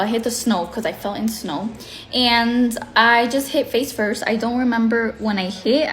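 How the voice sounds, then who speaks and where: A woman's voice: a little high, slight background noise. A woman vlogger telling a dramatic get-ready-with-me story, acting out her own reactions and switching languages mid-sentence. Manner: mixes English and Spanish mid-sentence.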